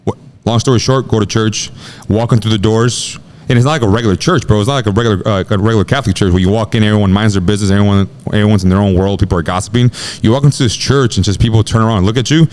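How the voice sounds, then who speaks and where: A man's voice: on the low side, a little mellow. A man in his thirties telling a personal story as a podcast guest in casual, slangy talk, often saying bro. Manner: rapid slangy talk, says bro a lot.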